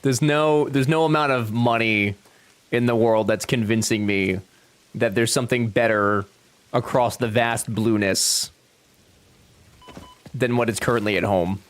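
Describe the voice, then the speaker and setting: A man streams a game from home, chatting casually with viewers in a medium-pitched, fairly even voice. He speaks a little slowly with long pauses, joking, swearing a lot, and talking back to chat.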